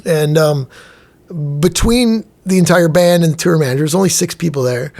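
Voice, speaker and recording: A middle-aged man telling stories in a relaxed podcast conversation. His voice sits a little higher than most men's. He talks casually and acts out the dialogue as he goes. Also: normal speed, vocal fry. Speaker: chef and restaurant owner, podcast guest. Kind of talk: storytelling in a podcast interview.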